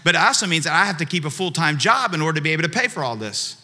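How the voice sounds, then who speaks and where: High, sharp-voiced male pastor preaching. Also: lively intonation, racing. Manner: personal storytelling, repeats phrases for emphasis. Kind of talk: sermon.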